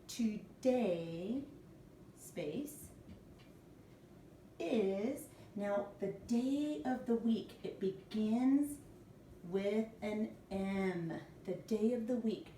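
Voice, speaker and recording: A woman's voice: mid-range voice, animated, very slow, warm tone, a little hiss or hum. A woman teacher giving a morning lesson to young children, patient and spelling words out letter by letter. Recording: echoey room, mic at a distance.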